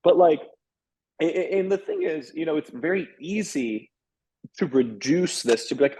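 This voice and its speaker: Frank, animated man talking candidly. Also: fairly high pitch, a little hiss or hum, low-quality recording. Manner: animated, frank, quick restarts and "like" fillers. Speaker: author and sex columnist, guest. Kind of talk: candid conversational interview.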